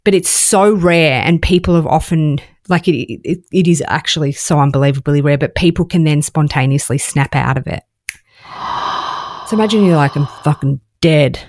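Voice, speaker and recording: A woman co-hosting a casual podcast, her voice set low. She talks in an animated way, full of dramatic exclamations. The sound is close and dry. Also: normal speed, no room sound. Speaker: podcast co-host. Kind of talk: casual chat.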